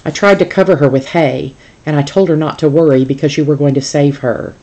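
A teacher reading aloud, voicing a small, loyal male dog who speaks bluntly and coaxingly, with a mellow tone. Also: mid-range voice, steady tone, a little fast, lightly acted, low-quality recording.

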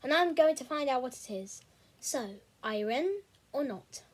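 A woman voicing a bossy, excitable young boy who talks urgently and conspiratorially in a storybook reading. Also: high voice, normal speed, husky. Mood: insistent. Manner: urgent, conspiratorial, drops to a whisper. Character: bossy young teen boy, eager schemer.

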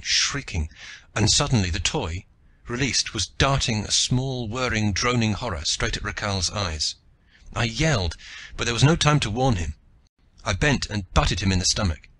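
A man narrating an audiobook in the first person with steady, forceful storytelling. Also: fairly low pitch, slight background noise.

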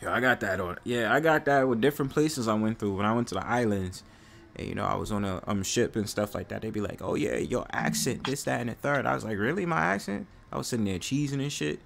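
A man from New York with a New York accent, hosting a casual panel chat on his stream, slangy and animated. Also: fairly low pitch, fast talker, gravelly, a little hiss or hum. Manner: animated, laughing, slangy storytelling. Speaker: stream host.

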